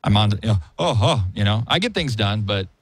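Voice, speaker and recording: Animated male podcast host, lively pitch. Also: a little fast, no room sound. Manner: animated storyteller, jumps into high-pitched impressions. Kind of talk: casual chat and storytelling.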